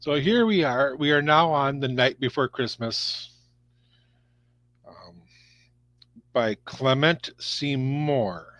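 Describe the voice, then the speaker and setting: Slow folksy Minnesota man reading aloud. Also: medium pitch, fairly bright tone, no echo. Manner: folksy, unpolished, stumbles over words. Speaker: livestream host reading stories. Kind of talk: reading Christmas poems aloud. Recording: dull lo-fi stream audio.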